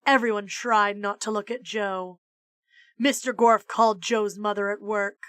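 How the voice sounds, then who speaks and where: A woman streamer reading a children's book aloud, measured and expressive. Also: medium pitch, dry recording, clean studio sound. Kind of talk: storybook read-aloud.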